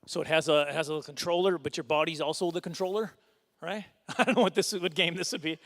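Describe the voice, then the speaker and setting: A middle-aged man performs stand-up at a fundraising dinner. His voice sits high, and he rambles through his stories. He keeps mocking himself with quick chuckling asides. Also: fairly even intonation, fairly bright tone. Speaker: stand-up comedian. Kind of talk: stand-up comedy set.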